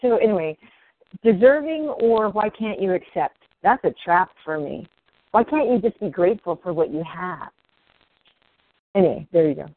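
A woman guest telling her own story candidly, swearing freely and rising in pitch as she speaks. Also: expressive, normal speed, no room sound. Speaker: interview guest. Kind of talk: emotional personal storytelling. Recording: dry, tinny phone-like line.

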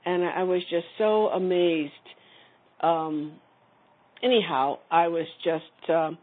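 On a phone line, a woman with a lowish voice speaks slowly as she casually shares a personal story during a community call. She rambles and keeps restarting her sentences.

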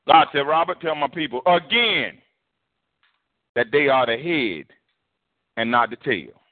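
A man's voice: medium pitch, a little slow. A man preaching a sermon as pastor, colloquial and preachy. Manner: preachy, colloquial, animated with put-on voices. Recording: tinny phone-like broadcast audio.

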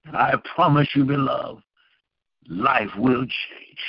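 A man's voice: medium pitch, takes it slowly, gravelly, slightly rough, no echo, muffled recording. A man preaching and praying as pastor, with fervent pleading questions. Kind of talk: sermon and prayer.

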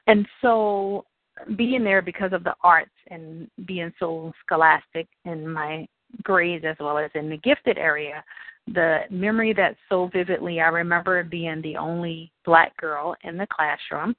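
Animated New woman telling her story. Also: fairly low pitch, a little slow, dry recording. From New Orleans, USA. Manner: animated, acts out quoted people in raised voices. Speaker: interviewee. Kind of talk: personal storytelling in an interview. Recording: dry, tinny phone-like line.

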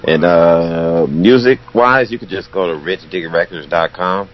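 A man's voice: low-pitched, moderate pace. A man as a musician guest on a radio show, laid-back and giving answers full of ums. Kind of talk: interview answers. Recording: dull lo-fi sound.

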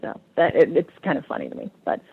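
A woman's voice: sits low, very animated, quick pace, gravelly, slightly rough, no room sound, phone-quality sound. A woman in her forties, a guest on a call-in radio show, answering callers hesitantly and laughing between phrases.

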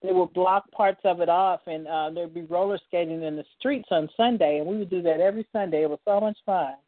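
A woman's voice: fairly low pitch, fairly quick, no room sound. A woman hosting a casual talk show, chatting and reminiscing easily. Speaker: podcast host. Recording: dry, narrow phone line.

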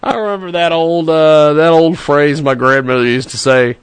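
A man's voice: fairly high pitch, fairly even intonation, normal speed, clean tone, dry recording. A man hosting a casual radio talk show, rambling and joking to himself between segments.

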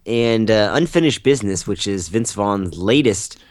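A man's voice: fairly low pitch, animated, moderate pace, no echo. Dry-voiced joking podcast co-host man. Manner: rambling, joking, sarcastic asides. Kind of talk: casual movie podcast chat.

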